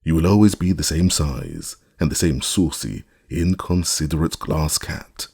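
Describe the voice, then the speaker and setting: Man reading a boastful old magician, very deep voice, gravelly, husky, dry sound, lecturing. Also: unhurried, darkish tone, heavily acted. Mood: scolding. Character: boastful old male magician, proud of his inventions.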